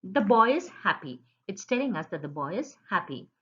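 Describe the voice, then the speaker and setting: A woman's voice: mid-range voice, very animated, normal speed, fairly bright tone. A woman teacher giving an online grammar lesson to children, in a patient, sing-song teaching voice. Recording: dull lo-fi sound.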